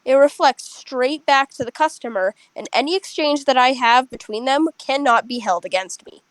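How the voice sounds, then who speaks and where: A young woman casually telling a rambling, animated story to friends over a headset. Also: high-pitched, normal speed, no room sound, poor audio. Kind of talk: casual chat.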